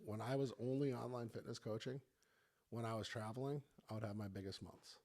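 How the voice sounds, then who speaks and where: A man's voice: medium pitch, fairly quick, darkish tone. A man hosting a podcast as a fitness coach, chatting loosely with laughter and swearing. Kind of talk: casual chat.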